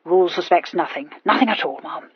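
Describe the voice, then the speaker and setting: A fussy, punctilious gentleman, played by a woman narrator, speaks in clipped, breathless phrases that drop their small words. The voice is husky and slightly breathy. The recording is dull and lo-fi, with a dry sound. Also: fairly low pitch, a little fast, no room sound. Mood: flustered.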